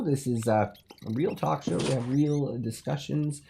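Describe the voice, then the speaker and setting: A man hosting a comedic call-in talk show, rambling in deadpan, absurd bluster and dropping into muttered asides. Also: fairly high pitch, moderate pace, creaky. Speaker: host.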